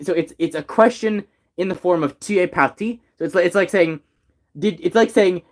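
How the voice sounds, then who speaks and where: Teasing young man playing teacher. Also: high voice. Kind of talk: casual chat.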